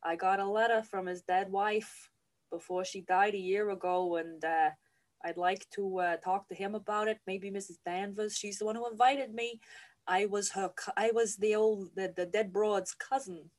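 A woman's voice: mid-range voice, steady tone, normal speed, voice pushed down, close to an everyday voice. A woman doing a shifty, hesitant male stranger. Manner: hesitant, mumbling.

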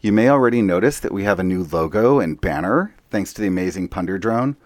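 A man's voice: low voice, animated, fast, dry recording. A man co-hosting a tabletop game podcast, giving friendly upbeat announcements and chatting casually. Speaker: podcast co-host. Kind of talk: podcast intro and casual chat.

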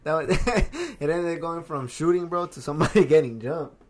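A man's voice: a little high, expressive, normal speed, noisy background. A young man co-hosting a casual podcast, asking questions and saying bro a lot. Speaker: podcast co-host.

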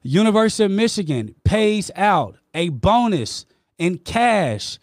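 Host type, emotional debater who explains fast and keeps pushing his case, dry mic. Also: sits high, sing-song, no room sound. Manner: passionate, insistent, explaining rapidly. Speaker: podcast host, insurance promoter. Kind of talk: heated debate.

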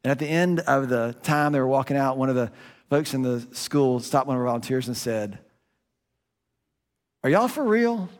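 Pastor preaching in a reverberant hall. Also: male voice, mid-range voice, fairly even intonation, fairly quick. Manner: conversational storytelling, voice rising and dropping for emphasis. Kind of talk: sermon. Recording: long reverb of a large room.

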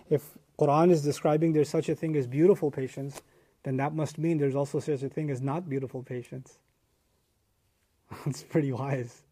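Earnest man giving a Quran lecture. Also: fairly high pitch. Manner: earnest, emphatic, swings from hushed to forceful. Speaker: Islamic teacher.

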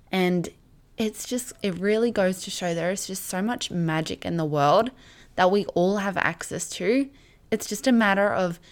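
A young woman hosting her own podcast, chatting in a warm, gushing and heartfelt way, full of casual fillers. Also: fairly low pitch. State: emotional, near tears at times. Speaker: podcast host. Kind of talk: casual solo podcast chat.

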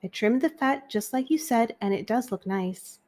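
Woman doing a cheery literal maid, earnest and eager, mellow voice. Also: on the high side, animated, normal speed.

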